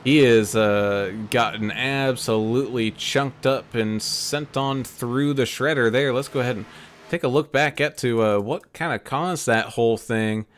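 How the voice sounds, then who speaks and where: A man's voice: mid-range voice, unhurried. Folksy man calling a sim race. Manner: relaxed, folksy, frequent fillers. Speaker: race commentator. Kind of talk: play-by-play sim racing commentary.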